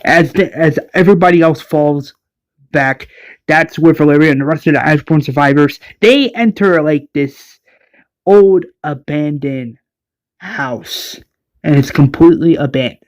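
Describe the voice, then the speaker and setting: A man's voice: on the high side, measured pace. Casual man recapping his fan series. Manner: casual, loose, filler-heavy. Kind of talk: casual episode recap narration.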